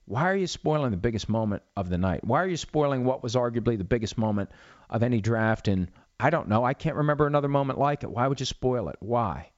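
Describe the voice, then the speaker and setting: A man's voice: mid-range voice, dry recording, dull audio. A middle-aged man hosting a solo podcast, ranting with rhetorical questions and then answering listener questions. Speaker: podcast host.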